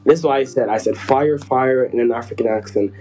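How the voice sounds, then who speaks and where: A man's voice: medium pitch, racing, warm tone, low-quality recording. A man chatting casually and telling a rambling, joking story about his school days. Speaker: podcast co-host telling a story. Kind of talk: casual chat.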